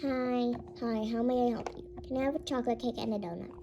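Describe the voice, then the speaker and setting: A woman's voice: a little high, quick pace, vocal fry, lo-fi sound. A young girl playing with toy figures, putting on voices for every character in a playful pretend story, squealing at times. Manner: switches between many character voices, excitable squeals. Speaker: toy play storyteller voicing all characters. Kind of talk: playful pretend play with toys. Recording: noisy home recording.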